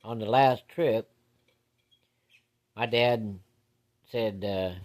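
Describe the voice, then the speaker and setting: A man's voice: fairly low pitch, extremely slow, long pauses, a little mellow. A man telling a personal ghost story from his childhood in a folksy, plain-spoken way with casual swearing.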